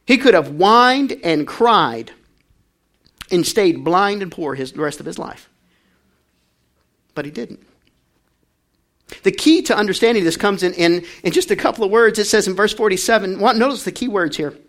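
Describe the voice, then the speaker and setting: A male pastor preaches a sermon, urging the congregation to answer back as he swings from quiet talk to loud shouting. His voice sits high and is animated, moving at a moderate pace with long pauses.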